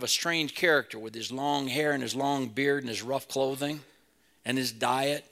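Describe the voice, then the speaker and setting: A man's voice: mid-range voice, normal speed, fairly bright tone. A man preaching a sermon as pastor, earnest and building to emphatic peaks.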